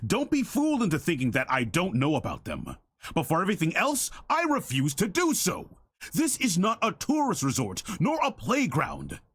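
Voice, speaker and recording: Stern, scolding authority man for a game, husky, big pitch swings. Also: huge pitch swings, fairly quick, hardly any pauses, no echo, clean studio sound. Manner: scolding, commanding. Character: stern authoritative man interrogating a young woman. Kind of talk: video game voice acting.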